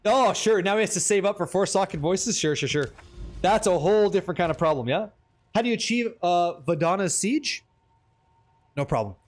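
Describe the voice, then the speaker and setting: A man's voice: high voice, lively intonation, brisk. A man streaming a game, chatting casually with his viewers, joking and swearing freely as he reads the chat. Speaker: livestream gamer.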